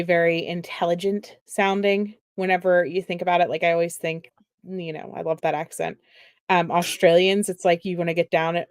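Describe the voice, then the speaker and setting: Woman, lowish voice, teasing and rambling, casual chat, dry close sound. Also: clear, resonant tone, no echo. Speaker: livestream co-host.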